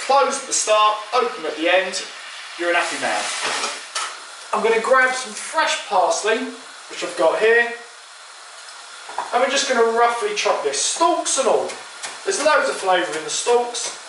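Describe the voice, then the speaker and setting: A high-voiced man chats through a recipe, explaining each step in an easy, friendly way. He is heard from a distance in a very echoey kitchen. Pots and dishes clink faintly behind him. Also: big pitch swings, unhurried, pauses often, pushed and bright, slight background noise. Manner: chatty, explains as he cooks. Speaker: cooking show host. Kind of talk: casual cooking demonstration. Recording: roomy kitchen echo, distant mic.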